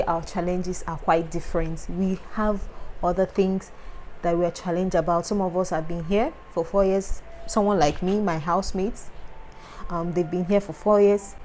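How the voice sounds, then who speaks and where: Young Nigerian woman, earnest advice vlogger, emphatic and repetitive, mid-pitched voice. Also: darkish tone, a little hiss or hum, rough recording. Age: young adult. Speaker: foreign medical student vlogger. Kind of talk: advice talk to camera.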